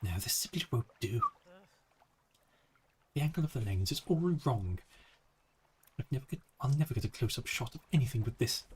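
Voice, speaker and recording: A man's voice: mid-range voice, expressive, moderate pace, long pauses, a little mellow, slightly rough. A man voicing a fussy, genteel female photographer with prim, old-fashioned phrasing, read out in a game.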